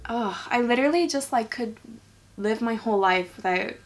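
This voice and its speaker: A woman's voice: on the high side, normal speed, a little hiss or hum. A woman reading a werewolf romance aloud, breaking off to joke, giggle and swear about it. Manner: giggly, exaggerated, swears often. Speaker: story reader. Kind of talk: casual read-aloud with joking commentary.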